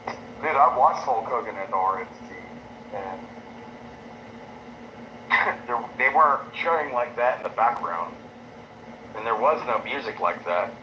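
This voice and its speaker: A man argues in a blunt, incredulous way and swears freely. His voice is middle-pitched. The sound is dull and lo-fi, with a faint hiss. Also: lively intonation, a little slow, long pauses, pushed and bright. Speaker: chat room participant. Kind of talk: casual argumentative chat. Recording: dull lo-fi audio.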